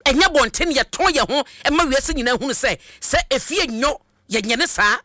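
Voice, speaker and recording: Lively, bright radio commentator. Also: sits high, moderate pace, no room sound, clean studio sound. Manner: rhetorical questioning, emphatic. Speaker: radio host.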